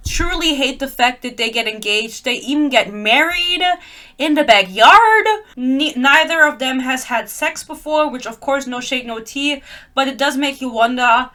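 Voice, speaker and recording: Bright-voiced young woman ranting about a book. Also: sits high, lively intonation, normal speed. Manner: sarcastic, laughing, reads quotes aloud. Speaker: book reviewer. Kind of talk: casual book rant vlog.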